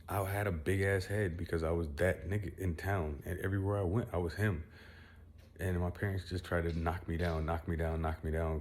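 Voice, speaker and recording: A man's voice: deep voice, a little mellow. A young man venting at home to his followers in a rambling, boastful, profane monologue. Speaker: vlogger.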